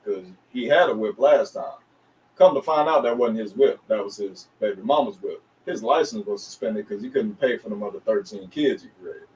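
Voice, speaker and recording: A man from the Atlanta area, a DJ and rapper, telling a long story in a casual interview with slang and lively voicings of the people he quotes. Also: on the low side, normal speed. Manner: animated, slangy storyteller who acts out others' voices. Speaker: interview guest, DJ and recording artist. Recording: distant mic with faint background noise.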